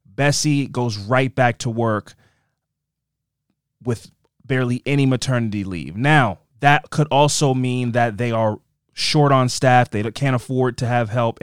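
Rambling man with a smooth, clear voice. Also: mid-range voice, dry recording, studio quality. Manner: rambling, self-interrupting and animated. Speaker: podcast host. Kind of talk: casual podcast chat.

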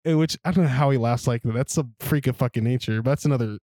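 A young man co-hosting a podcast tells stories in a rambling, profane way during casual chat, laughing along as he goes. His mid-range voice is fast with a dark tone, recorded in clean studio sound with no room echo.

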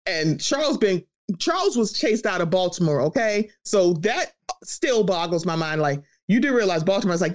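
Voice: mid-range voice, normal speed. A podcast host talking in a casual, heated chat, swearing freely and acting out other people's voices. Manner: animated, profane, acts out quoted voices.

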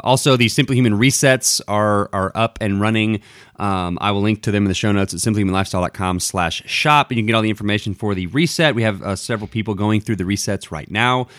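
A man's voice: on the low side, fairly bright tone, no room sound, clean studio sound. A man co-hosting a podcast in casual banter, rambling with lots of fillers and restarts. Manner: rambling, self-deprecating, with many fillers and restarts. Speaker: podcast co-host.

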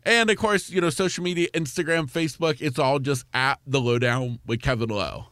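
A man, a podcast guest, answering in a halting way and repeating his words. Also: a little high, a bit bright, clear, resonant tone, no echo, studio quality. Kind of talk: interview answer.

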